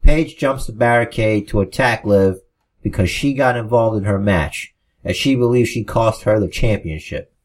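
A man co-hosting a podcast, casually reading out wrestling storylines with relaxed asides. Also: fairly low pitch, moderate pace. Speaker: podcast co-host.

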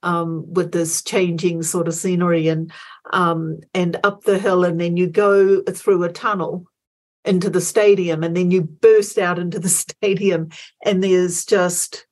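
A woman in her sixties with a New Zealand accent, a guest telling a story in a reflective, unhurried way. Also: lowish voice, fairly even intonation, a little mellow. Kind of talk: casual chat.

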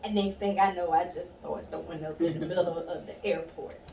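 A woman's voice: on the low side, a little fast, vocal fry, far from the mic. A woman spins a story in casual chat, her voice swinging up when she acts out other people. She sits back from the mic in an echoey room with a faint hiss underneath. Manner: animated, laughing, acts out quoted voices. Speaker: guest storyteller.

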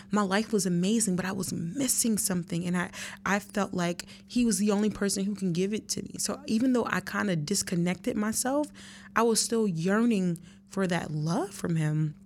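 A woman's voice: on the low side, a little hiss or hum. A woman in her thirties, hosting her podcast, tells a personal story in an earnest, emotional way and speaks straight to her listeners. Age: 30s. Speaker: podcast host.

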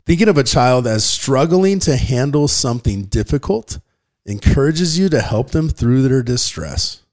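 A man's voice: mid-range voice, expressive, moderate pace, darkish tone. A man in his thirties, a father co-hosting a podcast, talking earnestly and rambling with frequent restarts. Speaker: podcast co-host. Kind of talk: casual podcast chat.

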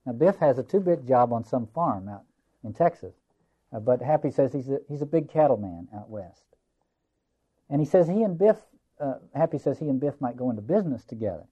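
A man's voice: medium pitch, expressive, brisk, mellow, breathy edge. Man lecturing on a play, thoughtful, repeats himself for emphasis, muffled recording. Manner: reflective, musing, repeats phrases for emphasis.

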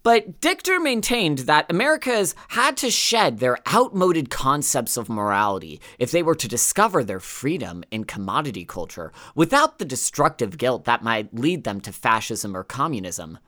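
A woman co-hosting a podcast in casual chat, talking in a chatty, animated way with lots of fillers. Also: extremely low pitch, normal speed, hardly any pauses. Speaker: podcast co-host.

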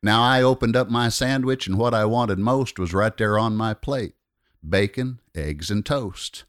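Man, low voice, wry rhythmic storyteller reciting verse; lively, dry close sound. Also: unhurried, no echo. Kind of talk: reciting a rhyming narrative poem.

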